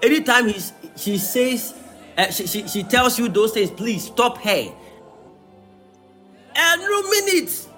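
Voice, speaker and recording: A man preaching a sermon as pastor, breaking into shouts and sung phrases. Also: extremely high pitch, big pitch swings, slow, long pauses, faint music behind.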